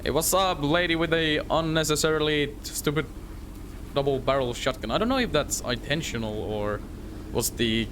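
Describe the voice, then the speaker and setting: A man's voice: fairly high pitch, normal speed, noisy background. A man playing a game and commenting, laughing and swearing a lot. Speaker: gamer. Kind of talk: let's-play commentary.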